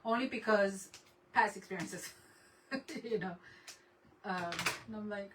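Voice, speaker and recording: A woman with a mid-range voice hosts a craft livestream, talking casually with viewers and greeting them in Spanish. She speaks a little slowly with long pauses, laughs often, and trails off mid-sentence. Her voice sounds a bit distant, with faint room noise behind it.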